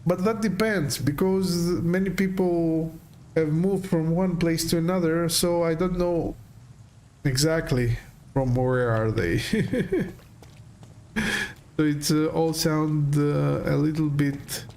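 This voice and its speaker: A man's voice: a little high, slow, darkish tone. A man casually commenting while he plays a video game, hesitant, with many fillers, restarts and laughs. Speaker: game streamer. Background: faint game music.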